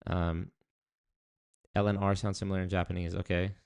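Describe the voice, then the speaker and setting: A man's voice: low-pitched, little pitch movement, moderate pace, vocal fry, darkish tone, clear, resonant tone, dry recording. A young man chatting casually on a livestream, reading viewer comments aloud and rambling with many fillers and restarts. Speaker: streamer reading chat.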